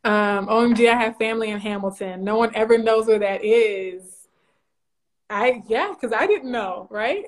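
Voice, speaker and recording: Woman, from Louisiana, live-stream host, slightly high voice, bubbly, laughs a lot, casual chat. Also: normal speed. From Louisiana, USA. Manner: bubbly, laughs often, greets viewers by name.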